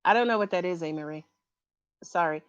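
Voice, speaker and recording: A woman's voice: on the low side, fairly quick, clear, resonant tone, no room sound. A woman giving a livestream tarot reading who grows emotional and keeps asking viewers for confirmation, heard over dull lo-fi audio. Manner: emotional, repeatedly asks for confirmation. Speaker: tarot reader.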